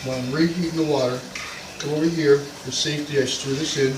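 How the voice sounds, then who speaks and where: A man's voice: a little high, fairly even intonation, a little fast, noisy background. A middle-aged man with a North Jersey accent, rambling through stories while cooking at home for a casual vlog. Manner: rambling, digressive storytelling. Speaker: home cook vlogger. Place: home kitchen. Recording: echoey kitchen, mic far off, clattering dishes.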